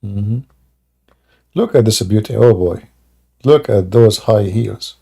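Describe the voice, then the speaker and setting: A man hosts a live stream, delivering mocking, sarcastic commentary in broken English and often rising into loud, taunting exclamations. His voice is lowish and slow, with vocal fry and a breathy edge.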